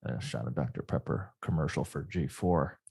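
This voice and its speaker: A man's voice: very deep voice, moderate pace, gravelly, warm tone, breathy edge. A man co-hosting a podcast in casual chat, wry and self-described as neurotic. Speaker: podcast co-host.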